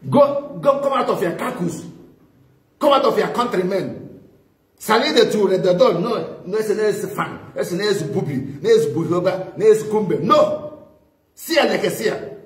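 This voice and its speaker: A man preaches a fervent sermon, mixing English and Spanish and repeating phrases for emphasis. His voice sits fairly high for a man. It carries through an echoey church hall, picked up from some distance away from the microphone. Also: animated, normal speed. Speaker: pastor. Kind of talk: bilingual sermon, preaching with interpretation.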